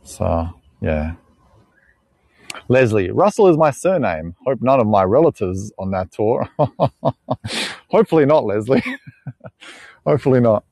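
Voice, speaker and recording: A man's voice: lowish voice, big pitch swings, moderate pace, gravelly, pauses often, a little mellow, no room sound. An Australian man chatting with live viewers on an outdoor walking tour, rambling, joking and laughing often. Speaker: live-stream tour guide. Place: outdoors on a bush walk.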